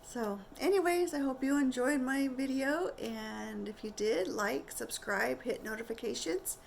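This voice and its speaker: A woman's voice: high-pitched, measured pace, creaky, a little hiss or hum. Chatty, candid woman telling a birth story. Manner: chatty, candid, animated retelling with quoted voices. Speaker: vlogger. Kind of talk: casual storytelling to camera.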